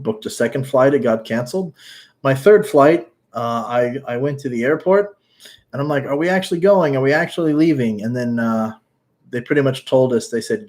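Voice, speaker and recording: An American YouTuber with a mid-range, slightly mellow voice talks casually on a livestream. He answers his chat with blunt, outspoken remarks and drops swear words along the way.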